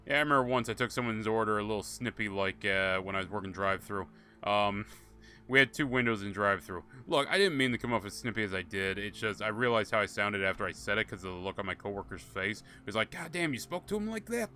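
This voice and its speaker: A man with a lowish, bright and forceful voice streams a game at a quick pace, offering casual commentary. He chats with viewers, laughing as he spins rambling, profane stories.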